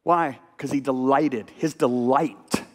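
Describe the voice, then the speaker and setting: A middle-aged male pastor preaching a storytelling sermon, dropping to hushed asides and bursting into sudden exclamations. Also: mid-range voice, takes it slowly, in a large hall. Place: college chapel.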